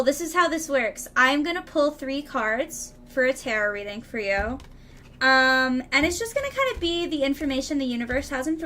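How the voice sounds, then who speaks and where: A woman's voice: high voice, a bit bright. A young woman live-streaming tarot readings, rambling casually to her viewers with lots of fillers. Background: lawn mower noise outside.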